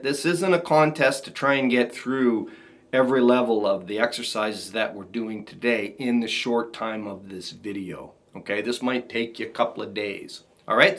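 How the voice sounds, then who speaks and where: A man teaching a ukulele strumming lesson, talking to viewers in a relaxed, encouraging way. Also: medium pitch. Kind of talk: casual instructional talk. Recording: ukulele playing behind voice.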